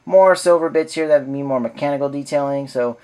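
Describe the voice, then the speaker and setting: A man's voice: on the high side, brisk, darkish tone, smooth. A man giving a casual hands-on toy review, rambling and thinking aloud as he goes.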